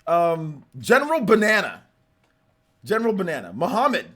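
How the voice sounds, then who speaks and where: Bright, lively male streamer. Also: high-pitched, normal speed. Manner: playful mock-angry teasing of chat. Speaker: livestream host. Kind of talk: casual livestream chat.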